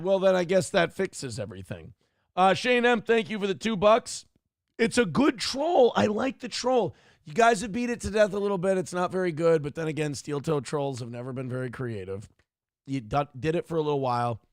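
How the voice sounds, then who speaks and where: A man's voice: fairly high pitch, moderate pace, dry recording, studio quality. A man hosting a live-stream commentary show, talking in a sarcastic, profane, mocking way. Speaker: show host.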